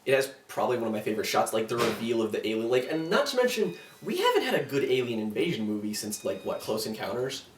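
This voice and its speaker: A young man co-hosting a casual film review chat, talking in an animated, rambling way full of restarts and fillers. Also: medium pitch, fast talker, few pauses, slight background noise. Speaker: podcast co-host. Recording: roomy, distant mic with faint ambience.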